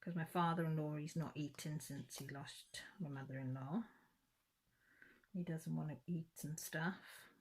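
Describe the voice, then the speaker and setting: A woman's voice: deep voice, steady tone, unhurried, slight background noise. A woman, chatting casually to her viewers and telling a rambling family story in plain, down-to-earth words. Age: 50s. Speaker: crafting channel host. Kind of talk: casual chat while crafting.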